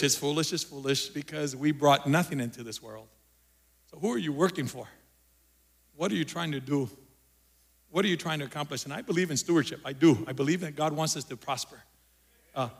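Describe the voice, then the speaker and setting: A male pastor preaching a sermon, repeating phrases and moving between loud emphasis and quiet. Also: on the high side, gravelly.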